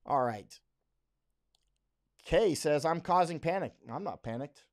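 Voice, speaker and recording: A man's voice: fairly high pitch, animated, measured pace. Blunt, emphatic man. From United States. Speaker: livestream host. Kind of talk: unscripted live commentary.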